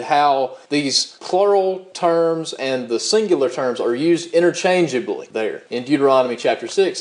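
A man preaching a sermon, reading scripture slowly and emphatically and explaining it. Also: mid-range voice, a little mellow. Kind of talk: sermon teaching.

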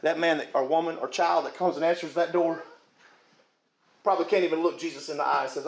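A man preaching a sermon with fervour, rising to shouts at his peaks and chuckling between points. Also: fairly high pitch, fairly even intonation, fast talker, echoey room.

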